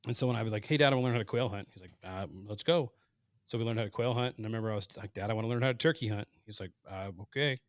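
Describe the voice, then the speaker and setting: Animated storytelling man in his thirties. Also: on the low side, racing, no room sound. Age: 30s. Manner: animated, acts out quoted voices. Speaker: podcast guest, hunter. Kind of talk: casual storytelling.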